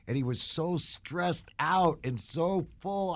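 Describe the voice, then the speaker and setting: A man's voice: fairly high pitch, animated, slow pace, few pauses. A man talking in a loose, rambling way as a podcast guest. He tells stories from his life and speaks earnestly about his faith. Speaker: guest, bounty hunter. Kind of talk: casual interview talk.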